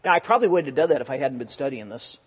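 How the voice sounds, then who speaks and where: A man preaching a sermon in a conversational way, telling personal stories, sometimes loud and sometimes hushed. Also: medium pitch, expressive, rapid-fire, husky, long reverb tail, lo-fi sound. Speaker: pastor.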